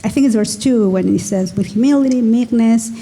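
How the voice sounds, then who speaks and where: A woman with a very dark, husky voice asks a question from the audience. She hesitates and thinks aloud as she shapes her question. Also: a little high, a little fast. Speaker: audience member asking a question.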